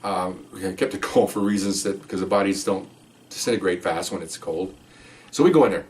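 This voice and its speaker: A middle-aged retired police officer rambles through a story in casual talk, raising his voice to act out the people in it. His voice is low-pitched and brisk, recorded from a distance.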